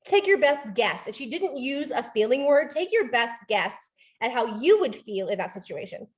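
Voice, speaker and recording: Woman, high voice, sales trainer, chatty, lots of "like" and "right?", acts out sample customer lines. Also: big pitch swings, normal speed. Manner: frequent "like" and "right?" fillers. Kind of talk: live training talk.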